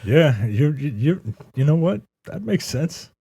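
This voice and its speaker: A man's voice: a little high, sing-song, unhurried, warm tone, slightly rough. A man co-hosting a movie-review podcast, incredulous and profane, stammering a little as he builds his points. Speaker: podcast co-host. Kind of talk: casual movie-review banter.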